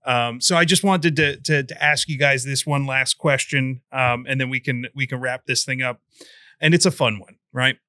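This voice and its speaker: Bright-voiced chatty podcast host, a man. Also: mid-range voice, fairly even intonation, moderate pace, smooth, no echo, studio quality. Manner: chatty, self-deprecating, fond of jokey asides. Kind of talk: casual interview.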